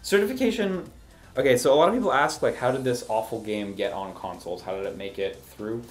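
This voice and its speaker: A man giving casual game review commentary, sarcastic and exasperated, breaking into animated rants. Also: mid-range voice, brisk.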